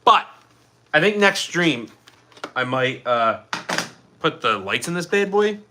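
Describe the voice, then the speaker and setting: A man's voice: on the high side, sing-song, slow, noisy background. A man chatting casually to his live-stream viewers at home, rambling and distracted as he fiddles with props.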